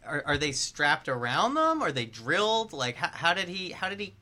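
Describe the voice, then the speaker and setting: A man's voice: a little high, big pitch swings, normal speed, pushed and bright. A man hosting a podcast, asking curious questions in a playful, joking way. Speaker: podcast host. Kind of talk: casual podcast interview.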